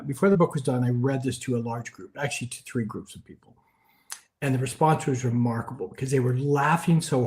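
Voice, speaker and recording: Man telling a story in an interview. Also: mid-range voice. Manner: animated storyteller, drops to a hushed tone for serious moments. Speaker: author being interviewed. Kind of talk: conversational storytelling.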